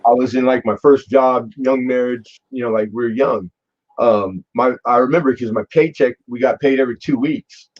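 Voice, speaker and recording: A man in his forties telling a long personal story in casual chat, animated, swearing and restarting his sentences often. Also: mid-range voice, normal speed. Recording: dull lo-fi sound.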